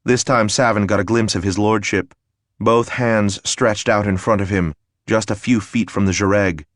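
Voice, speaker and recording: A man narrating a fantasy audiobook in a steady, measured way. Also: lowish voice, dry recording, studio quality. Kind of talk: scripted narration.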